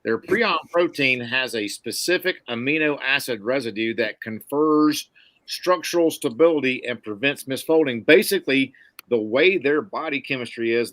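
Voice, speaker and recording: A man from Mississippi with a Southern accent, hosting a podcast in casual, folksy, excitable chat. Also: mid-range voice, dry recording. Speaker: podcast host.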